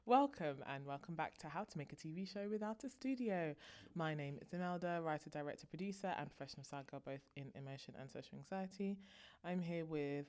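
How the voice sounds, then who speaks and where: A woman's voice: deep voice, brisk, darkish tone. Young woman, co-host, casual chat, playful, laughs easily. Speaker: podcast co-host.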